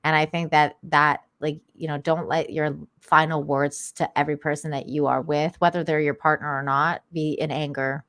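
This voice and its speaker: A woman's voice: low voice, flat delivery, moderate pace, few pauses, fairly bright tone, dry recording, studio quality. A woman from Canada, a guest on a talk stream, chatting casually and rambling with many restarts. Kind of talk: casual chat.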